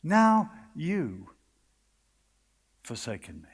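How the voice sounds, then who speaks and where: Very animated yet husky with vocal fry, a British man with a high voice for a man preaches an earnest, dramatic sermon broken by hushed pauses. The sound echoes with long reverb in a large conference hall.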